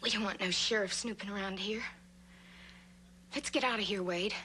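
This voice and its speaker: A woman's voice: medium pitch, fairly even intonation, normal speed, sharp tone, a little hiss or hum, natural voice. An actress playing a tough young female outlaw with a gun who talks in a hard, curt, defiant way, in an old TV western. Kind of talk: 1960s TV western acting.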